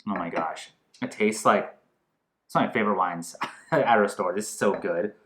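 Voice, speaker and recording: A man with a fairly low voice hosts a casual wine tasting. He rambles excitably and stops and restarts as he searches for words. The room sounds echoey. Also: moderate pace. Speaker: host.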